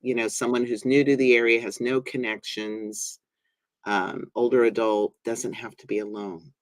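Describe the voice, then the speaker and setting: A man hosts a conversation and shares personal stories in an earnest, unhurried way. His pitch sits at an ordinary middle level, and the recording is close and dry, with no room sound. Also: little pitch movement, no room sound. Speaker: host. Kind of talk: casual conversation.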